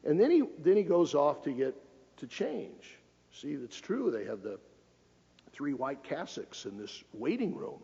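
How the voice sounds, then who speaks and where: Gravelly man lecturing in a big hall. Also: a little high, big pitch swings, a little slow, mellow. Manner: folksy, joking, emphatic orator. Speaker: cardinal giving a public lecture. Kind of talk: public lecture. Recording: lo-fi recording with long hall reverb.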